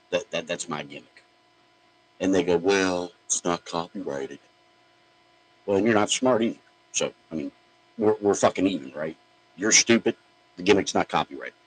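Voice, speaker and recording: A man with a very deep, husky voice rants on his podcast, blunt and profane. His delivery swings up and down with lively pitch as he mocks his targets. The tone stays gruff and opinionated. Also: poor audio. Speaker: podcast host.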